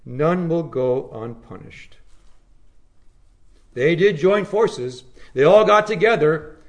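A man preaching a sermon, with dramatic emphasis that drops to low, hushed phrases.

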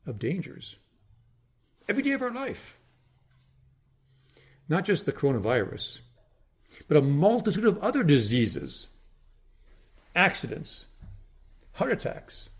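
Man preaching with dramatic pauses. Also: a little high, breathy edge. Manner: dramatic, with emphatic pauses and sudden drops to a hush. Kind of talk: sermon.

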